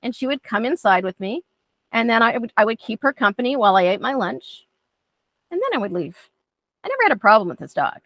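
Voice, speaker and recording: A woman's voice: fairly high pitch, big pitch swings, fairly quick, a bit bright, dry recording. A woman dog trainer teaching a class in a chatty way, often acting out how she talks to her dogs. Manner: chatty, acts out talking to dogs.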